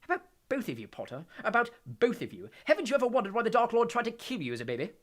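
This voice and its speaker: A man's voice: very high voice, wildly swooping pitch, fast, voice pushed up, heavily acted. A man voicing a sneering, cold aristocratic villain in an audiobook reading. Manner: sneering, menacing, commanding.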